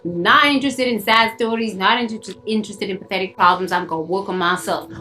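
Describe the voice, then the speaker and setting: A South African spiritual coach preaches to her phone camera outdoors in the sun, giving a blunt, fiery self-help monologue. She repeats herself for effect and swears. Her medium-pitched voice is bright and forceful, she talks briskly, and faint music plays behind the low-quality recording.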